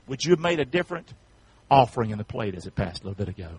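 A pastor, preaching a sermon in call-and-response, building up to rapid repeated shouted questions. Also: male voice, medium pitch, sing-song, slightly rough, no echo.

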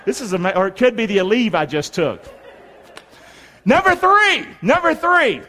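Pastor, middle-aged man, high lively voice, big call-and-response sermon, long hall reverb. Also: fairly quick, slight background noise. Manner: animated call-and-response preaching with hand signs. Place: church sanctuary.

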